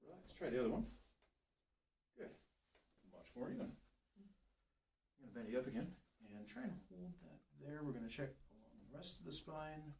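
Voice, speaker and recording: A man working as a chiropractor, calmly talking a patient through muscle tests and encouraging her step by step. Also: on the high side, normal speed, gravelly, long pauses. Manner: calm, steady, encouraging coaching. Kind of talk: giving instructions during a treatment session. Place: treatment room. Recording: roomy, distant, faint hiss.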